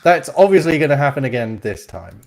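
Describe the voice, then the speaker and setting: A man's voice: mid-range voice, big pitch swings, brisk, gravelly, a little mellow. A man co-hosting a casual gaming show, making dry, teasing jokes. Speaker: co-host.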